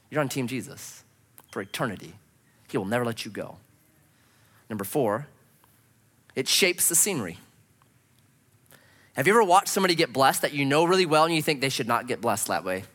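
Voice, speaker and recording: A man preaching a sermon as a pastor, animated and full of rhetorical questions. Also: mid-range voice, moderate pace, long pauses, long reverb tail.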